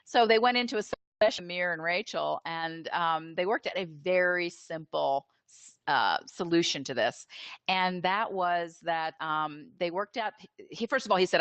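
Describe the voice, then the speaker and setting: A therapist being interviewed, a woman with a fairly low voice. She explains in an animated, conversational way, with filler words. The sound is dry and close, from a video call. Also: normal speed, no room sound. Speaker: interview guest, attachment therapist.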